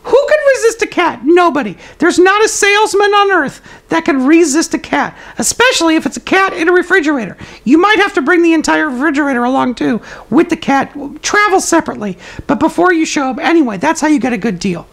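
A cheerful toilet paper roll puppet with a very high, squeaky voice. The puppet hosts a comedic live stream and gives absurd tips with confident, matter-of-fact delivery. It turns to the viewers now and then with a few ums and uhs. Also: male voice, animated, a little fast, creaky, few pauses, fairly bright tone, heavily acted. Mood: zany. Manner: chats to the live chat, hesitant fillers.

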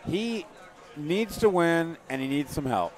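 A man's voice: on the high side, animated, unhurried. A man with a New York accent co-hosting casual pinball commentary, thanking viewers and bantering. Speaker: stream co-commentator.

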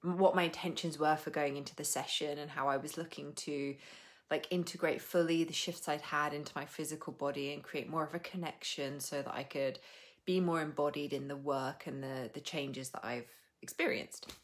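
A young adult woman with a low voice, chatting casually to viewers on a live stream. She rambles and laughs a lot. She drops the odd swear word without fuss. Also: fairly even intonation, normal speed. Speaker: coach hosting a live stream.

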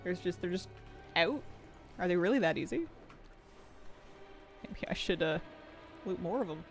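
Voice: mid-range voice, lively intonation, measured pace, faint music behind. Giggly, chatty game streamer. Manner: chatty and giggly, reads out chat. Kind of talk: casual live-stream chat while gaming.

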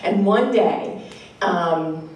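Animated Rhode Island woman telling a story. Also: lowish voice, extremely slow. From Rhode Island, USA. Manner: animated, self-mocking, laughing. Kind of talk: live personal storytelling. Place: live storytelling show. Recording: echoey live venue from far off.

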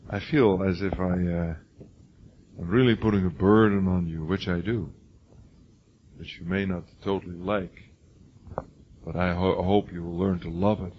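An older man lecturing a college class in a low voice, emphatic and repeating himself as he restarts his sentences. He calls on students by name. The classroom recording is dull and lo-fi, with a faint hiss underneath. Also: fairly even intonation, normal speed, pauses often. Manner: frequent restarts and repeated words.

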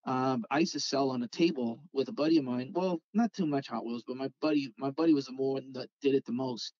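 A man, a podcast guest telling a rambling, animated story and acting out the dialogue. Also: mid-range voice, a little fast, no room sound, muffled recording. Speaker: podcast guest, scale model car artist. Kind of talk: casual storytelling chat.

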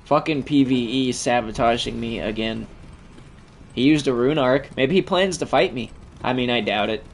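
A man's voice: mid-range voice, moderate pace, slight background noise. A man giving profane, trash-talking commentary over his own gameplay as the channel host.

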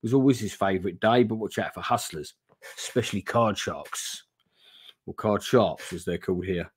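A man's voice: on the low side, normal speed, slightly rough. A man voicing a grumpy stablekeeper in a gamebook reading, giving advice in a plain tone. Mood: advising. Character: gruff older male stablekeeper giving advice.

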